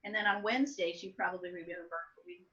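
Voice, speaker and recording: Older woman telling animated childhood stories. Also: fairly low pitch, quick pace. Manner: animated storytelling, acts out her younger self. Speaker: interviewee. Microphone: soft and distant at times. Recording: dull lo-fi sound.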